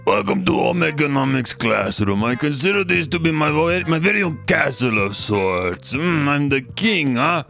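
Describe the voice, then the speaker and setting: A man's voice: fairly high pitch, lively intonation, normal speed, vocal fry, few pauses, pushed and bright, faint music behind, pitched above the performer's own voice, full character voice. A man voicing a grandiose male home economics teacher with a put-on Russian-style accent and broken grammar, reading game dialogue.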